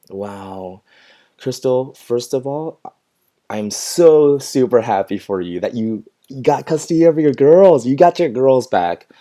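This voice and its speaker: Mellow, low-voiced man giving gentle advice. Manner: reflective, encouraging, frequent ums and soft laughs. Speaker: pet groomer vlogger. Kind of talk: casual livestream chat, reading viewer comments.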